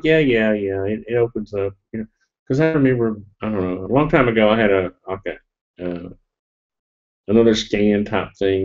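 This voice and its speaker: Middle-aged man, low voice, sniffly, rambling and joking; dull lo-fi webcam sound. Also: a little mellow. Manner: rambling and jokey, with fillers and laughs. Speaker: live-stream vlogger. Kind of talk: casual storytelling to a live audience.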